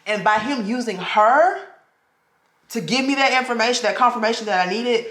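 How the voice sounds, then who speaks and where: A woman's voice: fairly high pitch, moderate pace, a bit bright, reverberant. A woman, a vlogger in her thirties, tells a personal story straight to her viewers, talking to them as "y'all" and acting out the voices she quotes.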